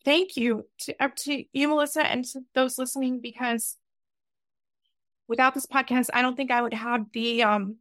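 A woman's voice: high voice, fairly even intonation, moderate pace, fairly bright tone, no echo, clean studio sound. A woman hosting a podcast, speaking in a heartfelt, emotional way. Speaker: podcast host. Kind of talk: podcast conversation.

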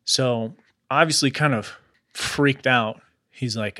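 A man with a bright, forceful voice recounts a strange tale in a casual podcast chat. He uses loose slang like "bro" and "dude" and keeps an easy conversational flow. The sound is close and dry. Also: medium pitch, slow, no echo. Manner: relaxed retelling with slangy asides like "bro" and "dude". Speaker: podcast host.

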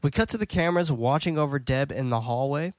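A man hosting a podcast, recapping a film scene by scene in a loose, chatty way with plenty of fillers and quick self-corrections. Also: on the high side, dry recording. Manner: blunt and excitable. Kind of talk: casual scene-by-scene movie recap.

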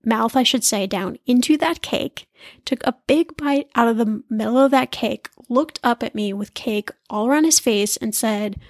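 Chatty woman with a fairly high voice. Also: creaky, no echo, studio quality. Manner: chatty and animated, laughs easily. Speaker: podcast host. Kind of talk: casual chat.

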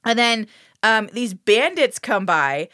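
A woman's voice: big pitch swings, slow pace, a bit bright, dry recording, studio quality. A woman co-hosting a comedy podcast, recapping a film in casual, profane chat and laughing often. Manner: profane, giggly storytelling; acts out characters in squeaky voices. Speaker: podcast co-host.

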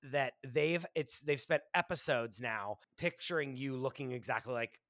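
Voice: mid-range voice, normal speed, dry recording, studio quality. A podcast co-host in casual chat who laughs often and teases. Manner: laughs often, teasing, animated.

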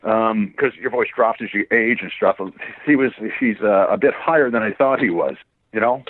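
An older man, a voice actor, talking in a rambling and laughing way in a casual interview, swearing freely and tiring his voice quickly. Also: on the low side, dry recording. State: gets hoarse quickly. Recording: tinny phone-line sound, dry.

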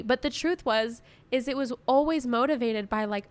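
A woman's voice: sits high, a little fast, few pauses, fairly bright tone, clear, resonant tone, dry recording. A young woman co-hosting a podcast in casual chat, talkative and laughing often as she acts out her own inner voice. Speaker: podcast co-host.

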